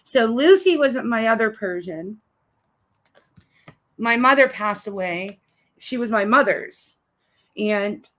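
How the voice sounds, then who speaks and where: A middle-aged woman chatting casually as co-host, telling animated stories about her home and family. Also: medium pitch. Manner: chatty, animated storyteller acting out her daughter. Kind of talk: casual chat.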